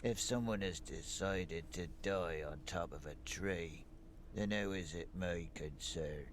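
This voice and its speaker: A man's voice: sits low, takes it slowly, a little hiss or hum. An actor playing a drowsy, evasive dock worker in his thirties in a video game, giving curt answers. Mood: surly. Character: sleepy, surly thirty-something male dock worker.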